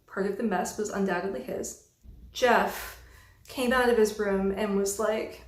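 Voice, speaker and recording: A woman's voice: medium pitch, a little slow. Exasperated young woman ranting in an echoey room. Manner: exasperated, animated, swears freely. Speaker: vlogger. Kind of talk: casual storytime monologue. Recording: roomy echo.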